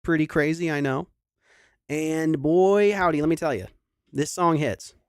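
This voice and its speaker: A man's voice: fairly high pitch, a little slow, clear, resonant tone, no echo, studio quality. A young adult man, a singer hosting a livestream concert, chatting casually and rambling through a sentimental story with many restarts.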